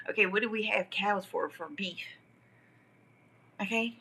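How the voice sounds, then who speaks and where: A woman's voice: mid-range voice, normal speed, pauses often, sharp tone, husky, rough recording. A woman on a livestream in a rambling, profane, mocking rant. She often drops to a whisper and laughs mid-sentence. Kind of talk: rambling live-stream rant.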